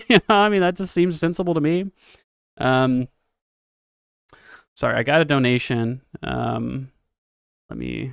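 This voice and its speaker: A young man from Texas doing casual livestream political commentary, rambling, profane and animated. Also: a little high, gravelly, clean tone, no echo, clean studio sound. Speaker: political streamer.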